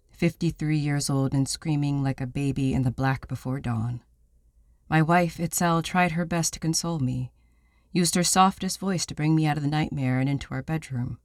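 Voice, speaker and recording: A man reading a novel aloud in the first person, measured and somber, recorded on a close studio mic. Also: on the high side, a little mellow, dry recording. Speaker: audiobook narrator. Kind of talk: scripted first-person narration.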